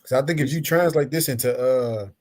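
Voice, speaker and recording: A man's voice: mid-range voice, fairly quick, a little mellow. A man co-hosting a casual chat, speaking in a slangy, emphatic way.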